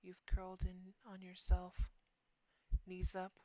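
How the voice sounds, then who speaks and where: A woman streamer reading a horror game's text aloud, slow and deliberate, often dropping to a hushed near-whisper, with quick asides between passages. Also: fairly low pitch, monotone, dry recording, poor audio.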